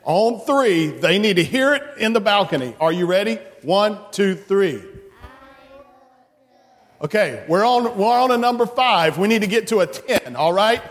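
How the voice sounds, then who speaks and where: High-voiced man with children in church. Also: lively intonation, a little slow. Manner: coaxing, playful, speaks to children. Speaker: children's message leader. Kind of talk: children's sermon. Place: church sanctuary. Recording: long church reverb.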